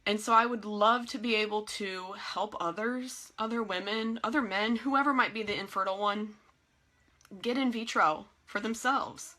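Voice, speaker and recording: A woman's voice: medium pitch, moderate pace, pushed and bright. A woman leading a live video training for her sales team, talking in an earnest, heartfelt and emotional way. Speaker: network marketing team leader. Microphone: phone or webcam on a live video.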